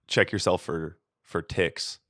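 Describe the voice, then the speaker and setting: A man co-hosting a podcast, telling a casual, animated story with plenty of swearing. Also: low voice, slow pace, no echo, clean studio sound. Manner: animated, profane, acts out voices in stories. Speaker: podcast co-host.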